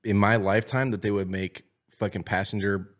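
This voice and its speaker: A man's voice: on the low side, steady tone, brisk. A man co-hosting a podcast in casual chat, laid-back and agreeable, swearing casually. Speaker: podcast co-host.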